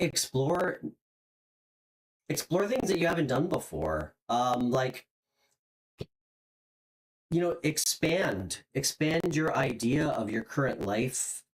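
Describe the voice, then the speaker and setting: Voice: mid-range voice, poor audio. A tarot reader hosting a live stream, giving a casual, encouraging reading with lots of "um" and "like" and repeated words while searching for the next thing to say.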